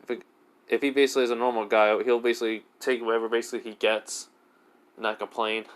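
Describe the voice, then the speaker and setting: A man's voice: medium pitch, level tone, fast, clear, resonant tone, close to an everyday voice. A man voicing a laid-back companion who shrugs things off, in his own voice. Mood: indifferent.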